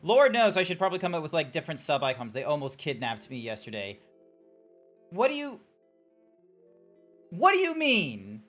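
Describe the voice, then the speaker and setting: A woman's voice: low-pitched, sing-song, moderate pace, long pauses. An Australian woman streaming live, chatting casually with her viewers in a rambling, sweary way as she reacts to chat. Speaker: Twitch streamer. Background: faint background music.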